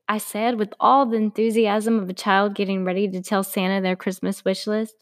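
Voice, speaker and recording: A woman's voice: mid-range voice, flat delivery, normal speed, few pauses. A woman, author and narrator reading her own story in a friendly, chatty way.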